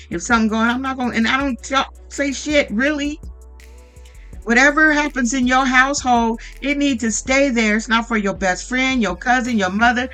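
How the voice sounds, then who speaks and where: A woman's voice: fairly low pitch, fairly bright tone. A woman giving casual reality TV recap commentary in a blunt, profane and opinionated way. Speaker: vlogger recapping a reality show.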